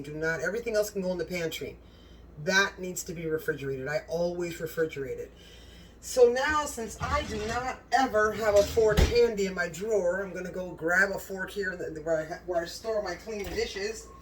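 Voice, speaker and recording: In a home kitchen, a cooking channel host tastes the food and gushes and exclaims straight to viewers. The medium-pitched voice comes from a distant mic with a bit of hiss or hum.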